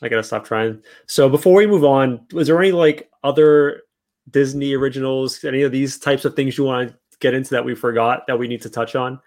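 A young man hosts a relaxed talk show in an easygoing, joking way. His voice sits at an average pitch, and his speech is loose and full of slang. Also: a little fast. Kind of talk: casual chat.

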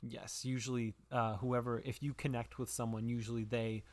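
A man running a tabletop game as game master, describing scenes in an unhurried way with pauses. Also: mid-range voice, level tone, a little mellow.

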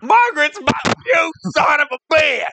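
A man playing a hot-tempered middle-aged comic host, who rants indignantly and yells in bursts. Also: fairly high pitch, animated, fairly quick, a little hiss or hum. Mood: furious.

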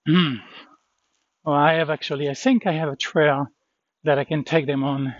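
A man's voice: on the high side, fairly even intonation, normal speed, dry recording, lo-fi sound. A shaken man rambling about a dog fight, swearing under his breath and trailing off. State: shaken, adrenaline-pumped. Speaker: vlogger. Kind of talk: shaken personal vlog after a dog fight.

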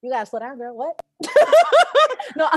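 A woman hosting a casual podcast chat, animated and giggly, often trailing into fillers. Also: extremely high pitch, dry recording. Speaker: podcast host.

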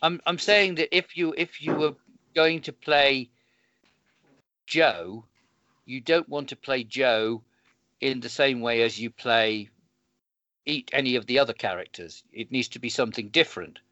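A man's voice: mid-range voice, a little slow, pauses often, pushed and bright, no room sound. A man co-hosting a casual chat, rambling through explanations with many restarts. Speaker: podcast co-host. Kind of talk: casual chat planning a role-play. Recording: dull lo-fi sound.

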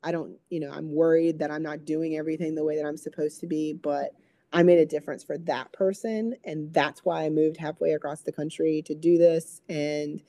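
A woman, a recreational therapist, telling an emotional story in an interview, lively, acting out quoted voices with many fillers. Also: sits low, normal speed.

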